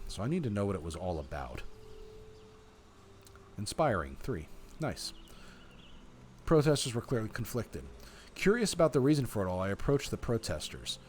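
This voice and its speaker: A man reads the narration of a text adventure aloud on a stream, stopping now and then for relaxed, chatty asides. His voice is low, and a faint hum of noise sits underneath it. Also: moderate pace, pauses often.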